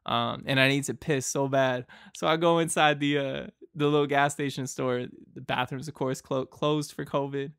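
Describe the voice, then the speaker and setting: A man's voice: mid-range voice, steady tone, normal speed, hardly any pauses, a bit bright, smooth, dry recording, studio quality. A young man from Boston, hosting a podcast and telling a travel story in a loose, rambling way, full of fillers and laughs. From Boston, United States. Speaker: podcast host.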